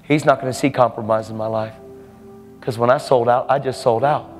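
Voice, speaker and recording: A man's voice: mid-range voice, steady tone, fairly quick, big-room sound, soft background music. A man preaching a fervent, emphatic sermon, laughing now and then between points.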